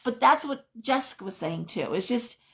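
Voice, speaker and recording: A woman's voice: on the high side, animated, normal speed, gravelly, low-quality recording. Rambling middle-aged woman reading tarot. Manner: rambling, digressive storytelling. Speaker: tarot reader host. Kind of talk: casual live tarot reading.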